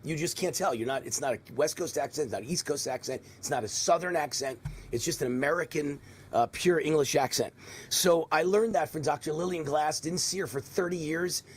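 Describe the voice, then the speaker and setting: An older man with a faint New York accent hosts a live political talk show. His voice sits a bit high and sounds husky. He rambles and drifts into mocking asides. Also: a little fast. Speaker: host.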